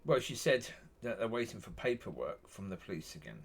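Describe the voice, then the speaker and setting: Straight to camera, a vlogger delivers a meandering monologue that doubles back on itself. His husky voice has a sing-song quality with wide pitch swings, and he speaks a little fast.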